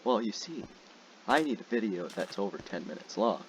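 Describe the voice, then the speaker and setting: Young man, game commentary, excitable and jokey, very lively pitch, loud background noise. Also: normal speed. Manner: excitable, shouts in frustration, jokey. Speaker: gaming channel host. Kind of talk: casual gameplay commentary.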